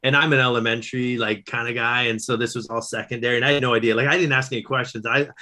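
A man, a guest author and educator, telling stories in casual conversation, animated, with quick restarts. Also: medium pitch. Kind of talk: casual storytelling.

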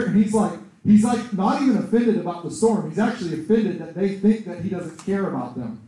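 A man preaching a sermon in a conversational, animated way, acting out quoted voices. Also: sits high, brisk, hardly any pauses. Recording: echoey room, far from the mic.

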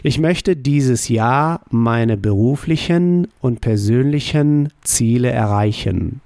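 A man hosting a podcast language lesson, slowly drilling sentences with question-and-answer prompts. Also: mid-range voice, gravelly, darkish tone, no echo, clean studio sound. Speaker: language teacher and podcast host.

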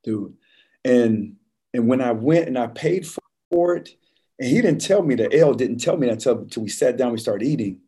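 A man telling stories in a relaxed, conversational way as a podcast guest, saying "man" constantly. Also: medium pitch, moderate pace, slightly rough. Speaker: podcast guest, former football player. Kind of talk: casual conversation, storytelling.

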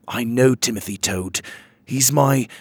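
A man's voice: mid-range voice, unhurried, slightly rough, no echo. A man voicing an earnest young fairy king who speaks formally and a little flustered, in a storybook.

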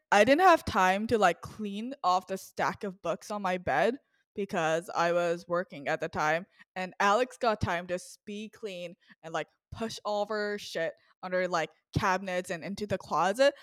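A woman's voice: medium pitch, fairly bright tone, no room sound, studio quality. A young woman co-hosting a casual podcast, blunt and profane, her talk full of fillers. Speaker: podcast co-host.

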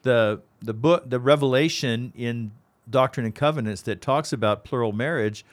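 A man, a pastor and co-host, explaining in a casual discussion, thoughtful and halting with frequent restarts. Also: mid-range voice.

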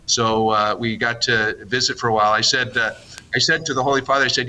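Middle-aged man, archbishop guest; bright, reflective radio talk with faint background noise. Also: mid-range voice, fairly even intonation, poor audio. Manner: reflective, halting with restarts. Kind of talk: conversational radio interview.

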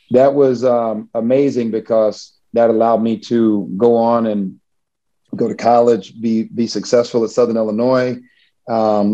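A man from Missouri, in a relaxed interview, tells a personal story with chuckles and frequent restarts. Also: medium pitch, lo-fi sound. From Missouri, USA. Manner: casual, chuckling, many restarts.

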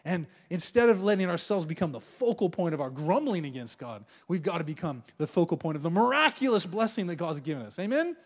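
A middle-aged male pastor delivers a sermon in a notably high voice that leaps all over the place. He is playful and animated, slipping into the voices of people grumbling at God and chuckling as he goes. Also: fairly quick, hardly any pauses. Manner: animated, playful, acts out quoted prayers with laughs.

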